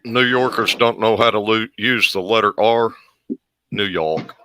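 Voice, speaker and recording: A man's voice: on the low side, little pitch movement, normal speed, pushed and bright, a little hiss or hum. A man with a Southern drawl, chatting casually with crude jokes and frequent laughs. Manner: joking, crude, laughs often. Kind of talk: casual chat.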